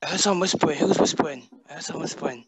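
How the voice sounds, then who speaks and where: A man's voice: fairly high pitch, rapid-fire, noisy background. Hesitant, jokey male caller. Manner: hesitant, jokey, many ums. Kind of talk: phone-in call.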